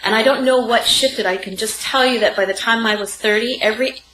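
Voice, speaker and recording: A woman in her forties, guesting as a sex and intimacy coach, tells a personal story in an interview, piling up vivid phrases. Her voice is on the high side, brisk, pushed and bright, recorded with a roomy sound and faint background noise.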